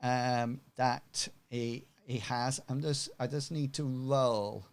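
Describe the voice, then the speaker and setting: A man narrating as game master, relaxed and full of fillers. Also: mid-range voice, slow pace, smooth.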